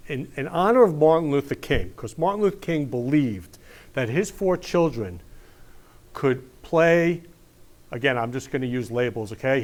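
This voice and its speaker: A middle-aged man hosting a talk show, gushing and repeating declarations of love in an effusive monologue. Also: mid-range voice.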